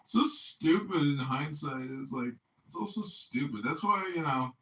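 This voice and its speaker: Rambling, profane man with a bright voice. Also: mid-range voice, expressive, moderate pace. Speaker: podcast host. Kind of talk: casual chat. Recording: echoey room, distant mic.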